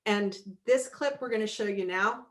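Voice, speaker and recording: A woman's voice: mid-range voice, normal speed. A woman speaking as a guest at a church service, sharing a personal story. Her voice sits in the middle of the female range, and she brings the dialogue to life as she tells it. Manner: lively storyteller who acts out quoted dialogue.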